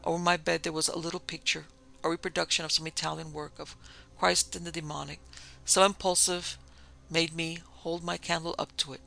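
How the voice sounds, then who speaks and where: A man narrates a gothic tale in a measured, somber voice. His tone is deeply gravelly and sharp, pitched a little high. He keeps an even, flat delivery throughout. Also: poor audio. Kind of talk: audiobook narration of a gothic story.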